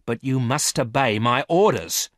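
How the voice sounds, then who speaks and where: A man's voice: mid-range voice, very animated, a little slow, dry recording, clean studio sound, voice pushed up. A man reading a story aloud and voicing an angry young woman who barks orders sharply and coldly. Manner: sharp, cold, commanding.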